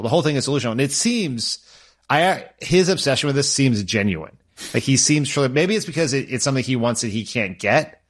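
Emphatic male co-host, mid-range voice, casual and blunt. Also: medium pitch. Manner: emphatic, blunt, swears freely. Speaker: podcast co-host. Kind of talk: casual political podcast chat.

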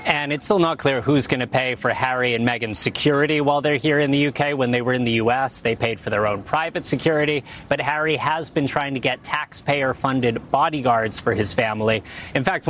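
A man's voice: mid-range voice, a little fast, a bit bright, slight background noise. A man reporting live for TV news in a conversational, wry way. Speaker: news correspondent.

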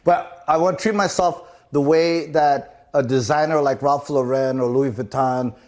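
Interview guest, male, from Zimbabwe. Halting, restarts a lot, casual delivery. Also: mid-range voice, a little mellow. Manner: halting, repeats words and restarts often.

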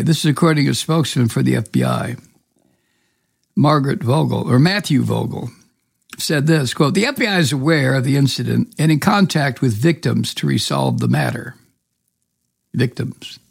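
A man giving opinionated news commentary, angry and sarcastic, swearing often and pausing on many fillers. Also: medium pitch, creaky, husky, dry recording, studio quality. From Georgia. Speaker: political commentator.

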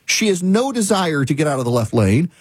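A man's voice: on the high side, big pitch swings, a little fast, slightly rough, no room sound. A man hosting a talk show, telling a story in a casual, exasperated rant and repeating his points for emphasis. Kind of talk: casual monologue, ranting storytelling.

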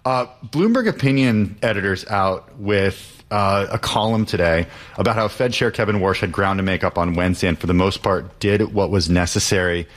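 A man with a very deep voice co-anchors a live business news program. He introduces guests and asks questions in a chatty way, restarting his sentences as he goes. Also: normal speed. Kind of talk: live financial news hosting.

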